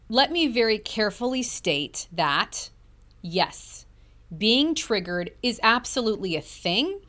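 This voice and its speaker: A woman's voice: mid-range voice, pushed and bright. A middle-aged woman hosting a motivational podcast, talking earnestly and emphatically and stretching key words for effect. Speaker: podcast host.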